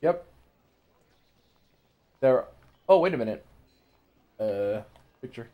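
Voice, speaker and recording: A man's voice: mid-range voice, expressive, takes it slowly, muffled recording. A man playing a game on stream, musing aloud casually with fillers. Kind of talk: casual commentary while playing.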